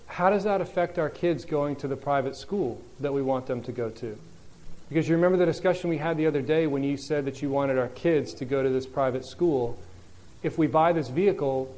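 Conversational male preacher, higher voice. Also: a little mellow. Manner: conversational, explanatory, with repeated restarts. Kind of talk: sermon.

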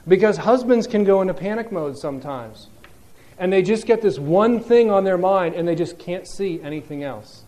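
Conversational male preacher, higher voice. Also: a little mellow. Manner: conversational, explanatory, with repeated restarts. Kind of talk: sermon.

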